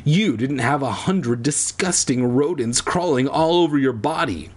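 A fretful schoolboy storyteller, shrill and whiny, voiced by a man. His husky voice jumps up and down, read aloud for laughs from a storybook. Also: expressive, a little slow. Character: anxious, whiny boy writer, schoolkid.

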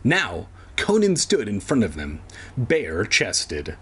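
Husky-voiced man, lively sarcastic reading. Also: lowish voice, slow. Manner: sarcastic, swears in asides, breaks off to laugh. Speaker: podcast host reading a kids' book aloud. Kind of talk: comedic read-along with rambling asides.

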